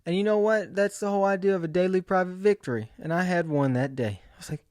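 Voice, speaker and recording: Animated, jokey man telling stories. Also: high-pitched, quick pace, no echo, clean studio sound. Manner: animated storyteller who acts out his own inner voice; jokey and self-mocking. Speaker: host. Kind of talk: casual solo monologue.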